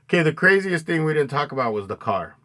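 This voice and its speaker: A man co-hosting a casual movie review chat, retelling scenes with loud acted-out outbursts and plenty of swearing. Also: fairly high pitch, big pitch swings, fast talker. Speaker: podcast co-host.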